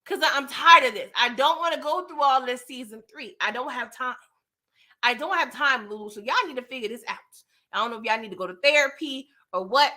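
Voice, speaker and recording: A woman at home giving an animated, profane recap of a TV episode to her viewers. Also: high voice, moderate pace. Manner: animated, expressive, frequently cursing. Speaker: TV show recap YouTuber. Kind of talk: casual episode review rant.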